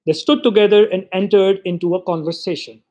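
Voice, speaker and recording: Male literary reader, high register, expressive storyteller. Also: fairly quick, lo-fi sound. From Pakistan. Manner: expressive storytelling, voices the quoted lines. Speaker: reader of short stories. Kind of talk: literary reading.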